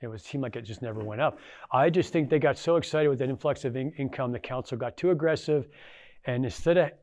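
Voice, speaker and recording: A man's voice: mid-range voice, quick pace, darkish tone, no room sound. A middle-aged man, a former tribal council member, giving a casual storytelling talk to an audience, folksy and anecdotal with lots of fillers.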